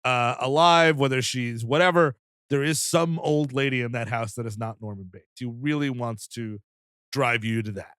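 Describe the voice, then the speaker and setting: A man's voice: mid-range voice, moderate pace, a bit bright, smooth, dry recording, studio quality. A man co-hosting a comedy film podcast, chatty and rambling as he talks through scenes. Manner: chatty, rambling, lots of fillers. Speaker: podcast co-host. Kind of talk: casual comedy film recap.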